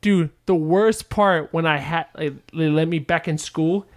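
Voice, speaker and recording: A man's voice: on the high side, unhurried. A man telling a story as a podcast guest in casual chat, swearing freely and laughing as he talks. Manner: profane, laughs through his stories.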